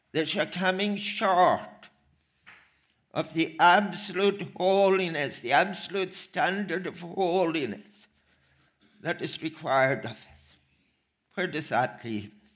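A man preaching a sermon, slow and emphatic, repeating phrases for weight. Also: on the high side, lively intonation, a bit bright.

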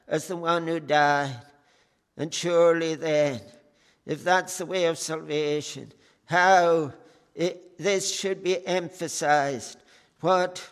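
A man preaching a sermon with slow, earnest delivery, pausing often on "eh" and appealing with fervent "oh"s. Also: a little high, smooth. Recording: long hall reverb.

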